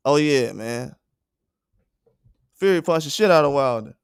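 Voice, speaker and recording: A man's voice: medium pitch, lively intonation, measured pace, clear, resonant tone, no echo, clean studio sound. A man hosting a livestream and ranting bluntly and with indignation, swearing freely. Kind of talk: heated livestream rant.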